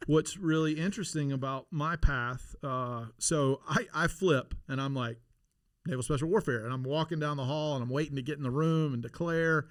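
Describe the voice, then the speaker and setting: A middle-aged man telling stories in a casual interview, animated and laughing, with many restarts. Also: fairly high pitch, moderate pace, dry recording. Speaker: podcast guest, former Navy SEAL.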